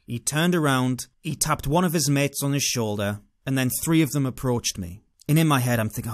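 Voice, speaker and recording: A man with a British accent tells a personal story in a casual monologue, speaking with animated, sardonic delivery. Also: mid-range voice, fairly quick, hardly any pauses. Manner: animated, sardonic, dramatic inner-voice asides. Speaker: vlogger.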